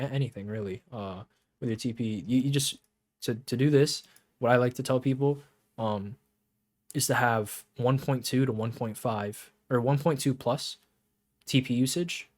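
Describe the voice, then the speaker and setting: Chatty young male game coach. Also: mid-range voice. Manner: rambling with many fillers, grows lively and emphatic. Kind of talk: casual coaching talk to camera.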